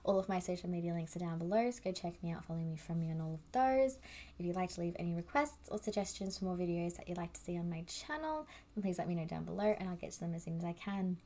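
A young woman reacting to a music video in a casual vlog, gushing and excitable, often repeating herself and swearing casually. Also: on the low side, quick pace.

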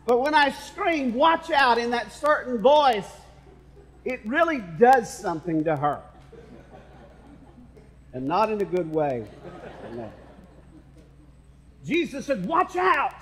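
A man's voice: sits high, lively intonation, slow pace, pauses often, in a large hall, low-quality recording. A male pastor preaching a sermon, with playful asides to the congregation. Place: church sanctuary.

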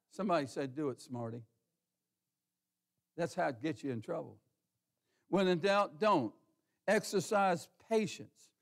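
A man pastor preaching a sermon in a church in a folksy, conversational way, asking the congregation questions and calling on members by name. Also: sits high. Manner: colloquial, says ain't. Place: church sanctuary.

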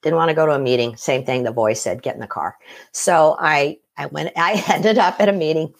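A middle-aged woman with a low voice speaks fairly quickly as a guest recounting her near-death experience. She tells it casually, acting out the voices of the people involved.

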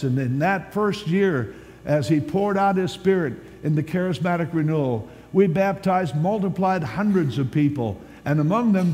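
A man preaching a sermon as a pastor at a church conference, telling stories with animated swings from loud to hushed. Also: fairly high pitch. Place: large church hall at a conference. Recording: long hall reverb, faint background hiss.

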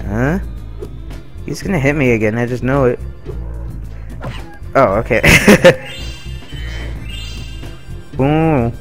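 Young male let's-player, very slow, joking and swearing; faint game music behind. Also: medium pitch, lively intonation, fairly bright tone. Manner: laid-back, giggly, swearing, silly asides. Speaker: let's play gamer. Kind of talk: casual gameplay commentary.

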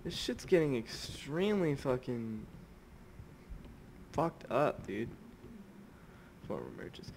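A man's voice: medium pitch, very animated, slow pace, long pauses, a little mellow, a little hiss or hum. Jumpy, foul-mouthed young man playing a horror game. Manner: jumpy, swears constantly, drops to whispers when scared. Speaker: gamer. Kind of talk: horror game let's play commentary. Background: game music.

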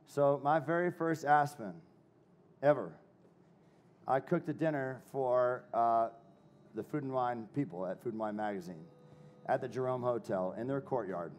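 A man's voice: medium pitch, measured pace, a little mellow, slight background noise. A man giving a live cooking demo to a crowd, brash and joking, swearing freely and hyping people up.

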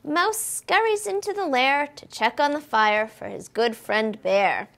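This children's librarian reads a picture book at storytime in a high, gravelly voice, unhurried and sing-song. She keeps things expressive and asks the children questions.

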